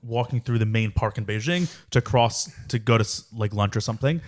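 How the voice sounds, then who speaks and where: A man's voice: lowish voice, brisk. A man co-hosting a podcast in casual chat, joking around and slipping into silly put-on accents. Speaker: podcast co-host.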